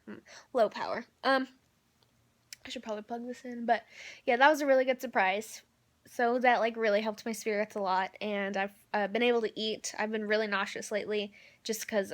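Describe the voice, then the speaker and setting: A young woman with a fairly high voice records a personal vlog update from a hospital room. She rambles and hesitates, filling her sentences with ums and likes as she talks straight into her phone or camera. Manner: rambling, candid, filler-heavy with frequent ums and likes. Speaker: vlogger.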